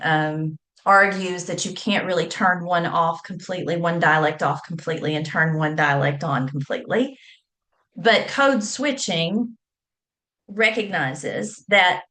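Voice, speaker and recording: A woman's voice: on the low side, fairly bright tone. A woman, a scholar and teacher explaining at length, spelling words out letter by letter. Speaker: scholar and public speaking teacher. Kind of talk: academic talk.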